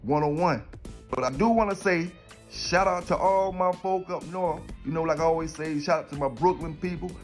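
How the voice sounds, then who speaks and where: A man's voice: a little high, normal speed, faint music behind. A man from South Carolina, rambling and preaching in streetwise slang in a casual vlog. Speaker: dog kennel owner.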